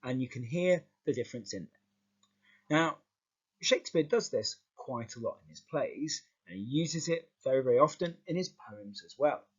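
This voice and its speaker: A male teacher explaining a lesson in a lively, stop-start way, often repeating words as he goes. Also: medium pitch, moderate pace, husky, muffled recording.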